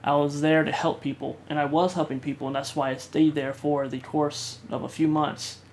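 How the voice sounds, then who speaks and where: A man vlogger telling a personal story in a halting way, with many fillers and restarts. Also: fairly high pitch, level tone, a little hiss or hum.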